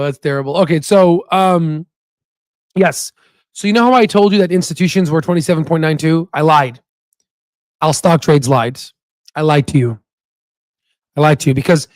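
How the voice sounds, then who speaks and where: A young adult man hosting a stock channel, chatting excitably on a livestream with many fillers and asides. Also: on the high side, dry recording. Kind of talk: casual livestream commentary.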